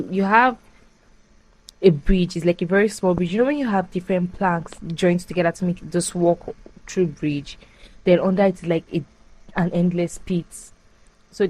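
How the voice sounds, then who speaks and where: A young woman casually retelling a film plot as a podcast host, animated and full of fillers. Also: lowish voice, low-quality recording. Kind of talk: casual chat.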